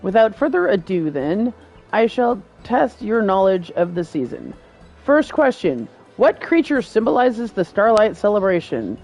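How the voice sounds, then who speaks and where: A woman's voice: medium pitch, big pitch swings, unhurried, darkish tone, faint music behind. A woman reading the lines of a formal, lecturing male folklore professor from a game, quizzing and stumbling over long words. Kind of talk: reading game dialogue aloud.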